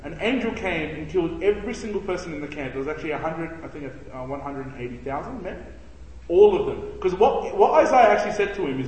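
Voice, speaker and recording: A man teaching a casual Bible study to a group, animated and joking as he acts out quotes. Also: high-pitched, distant mic. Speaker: church youth teacher. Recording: echoey hall with long reverb.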